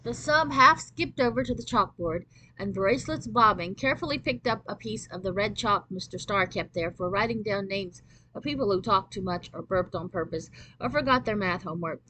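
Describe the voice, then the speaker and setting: A woman reads a children's novel aloud at a steady storytelling pace. Her voice sits at a middle pitch, and she narrates the first-person tale with easy expression. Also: normal speed, slight background noise, low-quality recording. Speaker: storybook reader.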